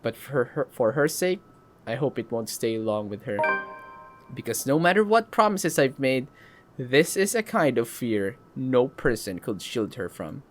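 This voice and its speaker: A man's voice: mid-range voice, sing-song, a little slow, faint music behind. A man hosting a let's play, reading a story game aloud and breaking off for joking comments.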